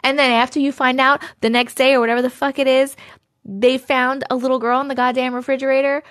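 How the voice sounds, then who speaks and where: A woman hosting a live stream, chatting casually, swearing freely and reading viewer stories aloud with loud disbelief. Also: high-pitched, little pitch movement, quick pace.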